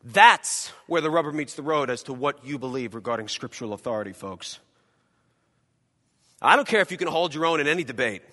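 Dramatic preacher in a reverberant church. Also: male voice, mid-range voice, animated, brisk. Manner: dramatic, acting out quoted voices, swings from loud to quiet. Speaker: pastor. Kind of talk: sermon. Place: church hall.

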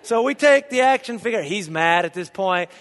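A middle-aged man from Indiana preaching a sermon, telling a childhood story with lively, joking asides to his listeners. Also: high voice, moderate pace. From Indiana, USA. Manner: lively anecdotal storyteller, jokes with the audience. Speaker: pastor. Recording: long reverb of a large hall.

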